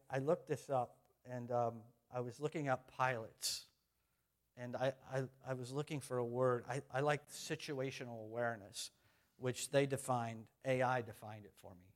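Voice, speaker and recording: A man's voice: medium pitch, fairly even intonation, moderate pace. A middle-aged man preaching a conversational sermon as pastor, repeating phrases and putting questions to the congregation.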